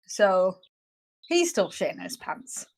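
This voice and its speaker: A woman's voice: medium pitch, very animated, slow. A woman running a tabletop role-playing game, describing the scene and explaining rules with many fillers and restarts. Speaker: game master.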